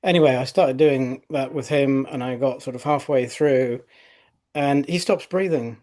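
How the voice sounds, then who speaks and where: Man, middle-aged, osteopath, mid-pitched voice, chatty podcast storytelling, lots of fillers. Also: unhurried, a little mellow. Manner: conversational storytelling with frequent fillers. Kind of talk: podcast conversation.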